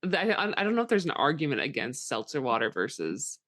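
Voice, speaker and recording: A woman with a very low voice co-hosts a podcast in relaxed casual chat. She drops playful asides, and her voice sounds dry and close, with no room echo. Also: fast. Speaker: podcast co-host.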